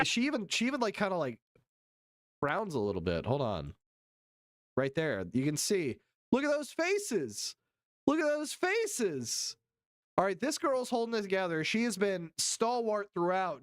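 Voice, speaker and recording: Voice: medium pitch, very animated, unhurried, long pauses. A streamer giving crude, profane, mocking play-by-play commentary on a live stream while scrubbing through a video and reading chat. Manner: frequent silly put-on quote voices. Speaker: livestream host.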